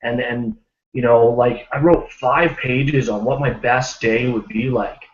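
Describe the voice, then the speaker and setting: On a group video call, a man casually recounts a success story, acting out the voices of the people involved with real animation. His voice is medium in pitch and a little slow. He's a team member, and the lo-fi call audio sounds roomy and dull.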